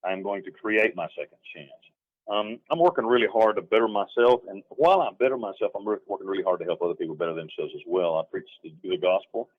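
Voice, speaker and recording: His voice low and expressive, a middle-aged man from North Carolina moves at a quick pace through his life story, rambling, emphatic and frequently acting out what people said. It's a dull, dry, phone-like lo-fi recording.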